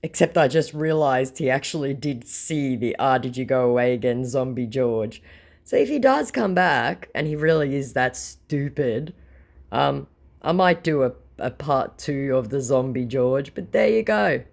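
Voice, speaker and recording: Very deep-voiced sarcastic Australian woman. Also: animated, unhurried, gravelly. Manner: sarcastic, blunt, swears freely. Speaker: scam-baiting channel host. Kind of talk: casual chat reading out messages.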